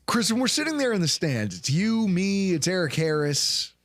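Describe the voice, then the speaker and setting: A man talks sports in a casual recap, his voice rising and falling all over the place as he acts out what people said. His pitch sits a bit high for a man. The sound is dry and close. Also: normal speed, no room sound. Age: late 20s or 30s. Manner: animated storyteller, acts out quotes loudly. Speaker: co-host of a sports recap show.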